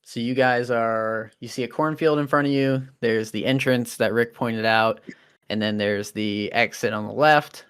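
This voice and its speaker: A man's voice: mid-range voice, normal speed, clear, resonant tone. A man running a tabletop role-playing game as game master, explaining rules and narrating scenes. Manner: relaxed, explaining rules, many fillers.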